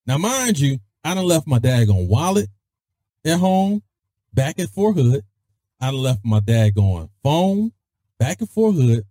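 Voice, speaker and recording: A man hosting his own podcast, telling stories in a casual, animated way and peppering his speech with mild cuss-word substitutes. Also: unhurried, dry recording, studio quality. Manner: animated, swings his voice high for emphasis; peppers speech with "freaking" and "daggone". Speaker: podcast host. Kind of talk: casual storytelling.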